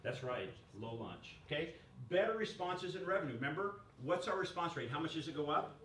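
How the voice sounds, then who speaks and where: Energetic man presenting a workshop, echoey room. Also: on the high side, fairly quick, a little hiss or hum. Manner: energetic, jokey, asks the audience questions. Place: chamber of commerce meeting room. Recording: echoey room recorded from far off.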